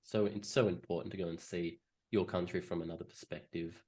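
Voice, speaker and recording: Very deep-voiced Australian man. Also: steady tone, fairly quick, a little mellow, breathy edge. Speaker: guest. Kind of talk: casual chat.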